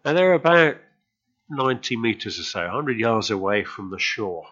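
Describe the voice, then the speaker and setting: A man's voice: fairly low pitch, big pitch swings, normal speed, a bit bright, highs cut off. A male preacher telling a story in a sermon, chatting with the congregation and often asking them questions.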